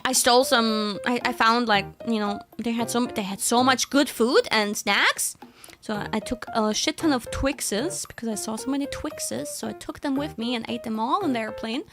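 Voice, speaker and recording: A young woman chatting casually on her stream, rambling with fillers and frequent giggles. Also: a little high. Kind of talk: casual chat.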